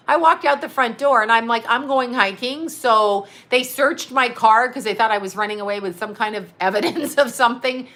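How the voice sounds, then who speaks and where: A middle-aged woman tells a meandering story on a casual livestream, laughing often and cursing freely. Her voice sits a little high, with a bright, forceful edge. She drifts off topic and reads replies out as she goes. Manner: rambling, chatty storytelling with frequent laughs and swearing. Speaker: psychic medium and astrologer. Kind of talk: casual livestream chat reading comments.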